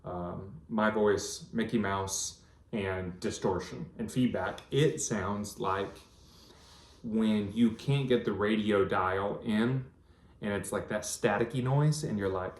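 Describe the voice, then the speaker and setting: A man's voice: on the low side, unhurried. A man, rambling earnestly through a personal vlog with lots of ums. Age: 30s. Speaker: vlogger. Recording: echoey room.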